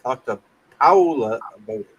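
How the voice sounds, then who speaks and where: A man's voice: medium pitch, animated, moderate pace, breathy edge, voice pushed down. A man doing a put-on Russian accent, playing a stern, scolding voice in a casual chat. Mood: mock-scolding.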